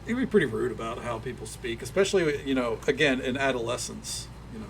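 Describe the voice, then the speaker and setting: A man from Tennessee whose Southern drawl is softened but still peeks through. His mid-pitched voice carries a gravelly fry as he chats with viewers over a game stream, easygoing and rambling with plenty of "like" and "you know", over a faint hiss in the background. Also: fast talker. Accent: light Tennessee Southern drawl. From Tennessee, USA. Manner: rambling, filler-heavy, easygoing. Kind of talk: casual chat with viewers while gaming.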